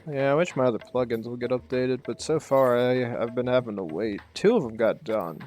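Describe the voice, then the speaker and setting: A man's voice: mid-range voice, a little fast, darkish tone, faint music behind. A man giving casual, rambling commentary while playing a video game. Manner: laid-back, rambling. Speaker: gaming channel host.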